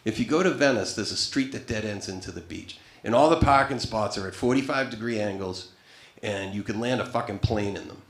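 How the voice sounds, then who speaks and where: A man's voice: lowish voice, fairly quick, few pauses. A man doing wry, profane stand-up comedy storytelling on a club stage into a handheld mic. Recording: echoey live club room.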